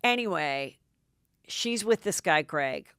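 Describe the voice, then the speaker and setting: A middle-aged woman hosting a podcast, recapping gossip in an excitable, chatty way with lots of "like". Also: low-pitched, slow pace, smooth, no echo, studio quality. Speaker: podcast host. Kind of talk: casual gossip commentary.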